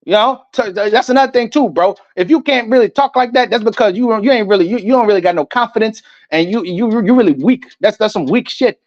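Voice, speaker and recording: A man giving a ranting commentary, loud and emphatic, stumbling over repeated words as he reads definitions aloud. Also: high voice, quick pace, hardly any pauses, dry recording. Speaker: online commentator. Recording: dull lo-fi dry sound.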